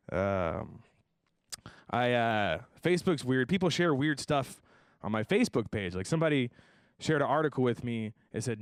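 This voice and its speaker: A young man hosting a stand-up comedy show, telling deadpan self-deprecating jokes and slipping into voices for the people he quotes. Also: medium pitch, normal speed, no room sound, clean studio sound. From Tucson, Arizona area. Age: young adult. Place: comedy stage before a live audience.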